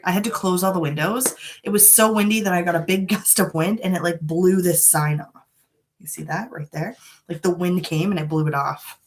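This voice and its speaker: A woman's voice: fairly low pitch, fairly even intonation, normal speed, a little hiss or hum. A woman chatting frankly and a little dramatically through a live makeup tutorial from her home. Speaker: beauty vlogger. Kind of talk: casual live makeup chat. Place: home room.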